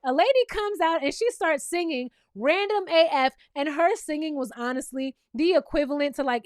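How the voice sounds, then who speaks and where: A woman's voice: high-pitched, no room sound, clean studio sound. A woman hosting a reality TV recap, talking in a sassy, blunt, teasing way with casual, opinionated commentary.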